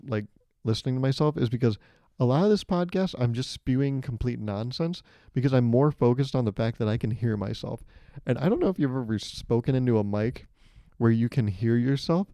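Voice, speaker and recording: A young man with a mid-range, dark-toned voice hosts his own podcast alone, recorded cleanly in a studio with no room sound. Using a studio microphone and hearing himself in headphones, he delivers a rambling, self-mocking comedic monologue and laughs at his own jokes.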